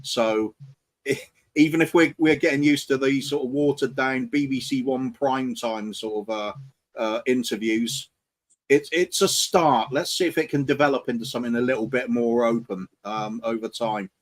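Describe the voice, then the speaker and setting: A man's voice: mid-range voice, moderate pace. A man on a casual panel chat, speaking hesitantly with many fillers.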